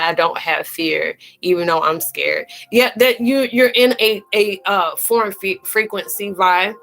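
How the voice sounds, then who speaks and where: A woman on a live-stream spiritual chat, her voice pitched a little low and close to tears. She talks earnestly and informally, calls her viewers sweetie and speaks to them by name, over faint music in the background. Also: fairly bright tone, poor audio. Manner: colloquial, fillers and restarts, calls listeners sweetie.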